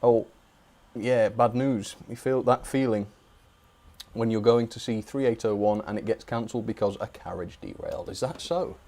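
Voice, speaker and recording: A man's voice: fairly low pitch, moderate pace, a little mellow. A man hosting a live stream, chatting in a friendly way as he reads out viewers' requests and thanks them by name. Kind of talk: reading out viewer chat requests.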